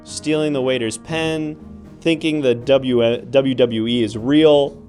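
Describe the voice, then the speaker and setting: A man's voice: mid-range voice, steady tone, slow pace, a little mellow, soft background music. A man hosting an improvised comedy show as a mock judge, with formal courtroom patter and a bemused tone. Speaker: host playing a judge.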